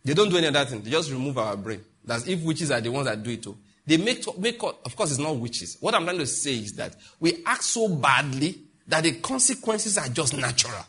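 Husky-voiced African pastor preaching emphatically. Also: male voice, on the high side, sing-song, fairly quick, few pauses. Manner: emphatic, mocking preaching with sudden loud outbursts. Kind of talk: sermon.

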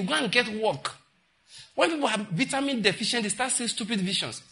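A man's voice: extremely high pitch, lively intonation, brisk, sharp tone. A man preaching a sermon as a pastor, scolding and mocking, repeating phrases for effect.

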